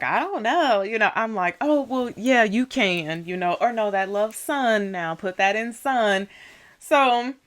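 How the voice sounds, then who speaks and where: A woman's voice: fairly bright tone, clear, resonant tone. A woman telling a story casually in a vlog, chatty, with lots of "you know" and "right?". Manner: acts out dialogue with raised pitch when riled up. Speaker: vlogger.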